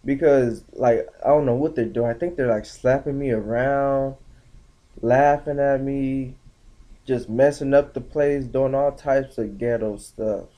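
A young man telling a story casually on his vlog, slangy and animated, acting out the other people's lines in shifting voices. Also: mid-range voice, measured pace. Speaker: vlogger.

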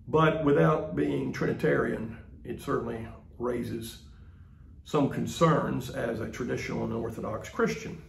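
Gravelly preacher. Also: male voice, medium pitch, steady tone, unhurried, fairly bright tone, reverberant, slight background noise. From Mississippi, US. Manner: folksy storytelling, conversational. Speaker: pastor. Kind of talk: sermon.

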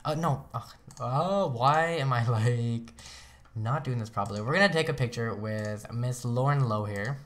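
A man's voice: mid-range voice, a little slow, a bit bright. A young man casually commenting on his gameplay as a let's play host, chatty and rambling, often laughing at himself.

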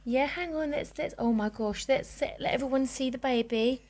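A woman's voice: sits high, moderate pace, very noisy. A woman in her thirties, a mother filming an unboxing with her daughter, gasping and exclaiming with delight. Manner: gushing, keeps gasping and exclaiming. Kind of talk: excited unboxing vlog.

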